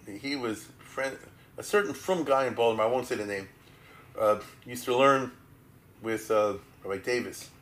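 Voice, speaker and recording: An older man giving a lively lecture in a yeshiva manner, often checking his listeners follow with quick rhetorical questions. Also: medium pitch. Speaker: Torah teacher. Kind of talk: lecture on Jewish history.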